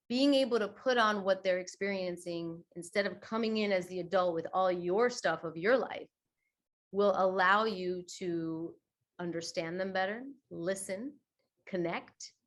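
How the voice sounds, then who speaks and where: A woman yoga teacher talking in a podcast interview, chatty and expressive, acting out quoted voices with big swings. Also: mid-range voice. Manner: chatty, many fillers like "you know" and "right". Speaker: guest yoga teacher and teacher trainer.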